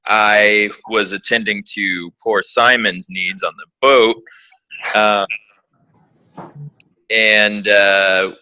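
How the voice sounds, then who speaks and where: A man's voice: lowish voice, pushed and bright, no room sound, low-quality recording. A man playing in a tabletop game, rambling evasively in character. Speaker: player. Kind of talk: in-character tabletop role-play.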